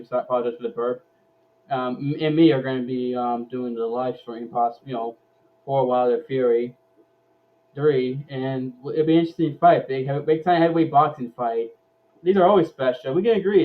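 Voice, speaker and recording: A man hosting a casual live-stream sports chat, stumbling and repeating words as he goes. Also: medium pitch. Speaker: host. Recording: dull lo-fi audio.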